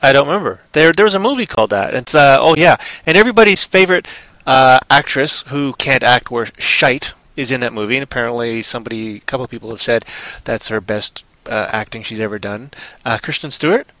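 A playful, rambling man co-hosting an online talk show. His voice sits at a middle pitch. It is recorded dry and close, and he often trails off into low mumbles. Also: a little fast, bright, forceful tone, no room sound. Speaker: podcast co-host. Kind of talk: casual chat show banter.

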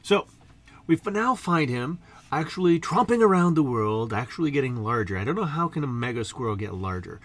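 A man's voice: mid-range voice, sing-song, fairly quick. A man streaming to a chat, telling an improvised, silly story in a meandering, joking way with many asides. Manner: meandering, self-interrupting, joking.

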